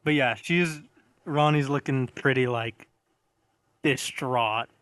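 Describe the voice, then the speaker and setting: A man's voice: medium pitch, slow, fairly bright tone, no echo. A man co-hosting a casual film review, retelling scenes and laughing often as he talks.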